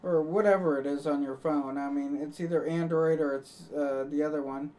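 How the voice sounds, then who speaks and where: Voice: mid-range voice, steady tone, normal speed, mellow, far from the mic. A live streamer chatting casually to viewers, rambling and joking, laughing at their own jokes.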